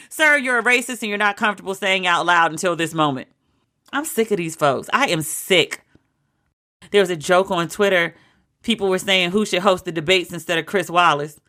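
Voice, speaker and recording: A woman hosting a casual commentary podcast, ranting in an animated, sarcastic way with plenty of profanity. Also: mid-range voice, normal speed. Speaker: podcast host.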